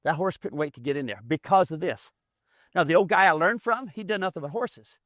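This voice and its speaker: A man's voice: on the high side, a little fast, fairly bright tone, no room sound, studio quality. A man running a hands-on mule training demonstration outdoors, explaining in a folksy, plainspoken way as he works. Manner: folksy, explains as he works, drawling rural grammar.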